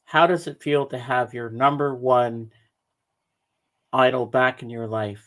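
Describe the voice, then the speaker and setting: A man with a mid-range voice, co-hosting a relaxed conversation. He chats easily and takes his time, dropping in small comments and questions between longer stories. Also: mid-range voice, measured pace. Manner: easygoing, chatty. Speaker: co-host. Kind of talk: casual chat.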